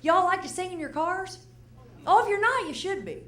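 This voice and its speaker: On a comedy stage in front of a live crowd, an older female comedian talks in an extremely high, fairly bright and animated voice at a moderate pace. Her routine is chatty, full of questions to the audience and occasional impressions of the people in her stories, captured with live-venue roominess.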